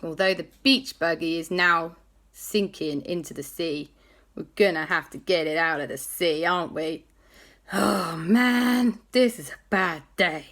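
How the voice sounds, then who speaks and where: A woman's voice: lowish voice, measured pace, fairly bright tone. A woman voicing a fretful young man on a beach buggy in a children's story.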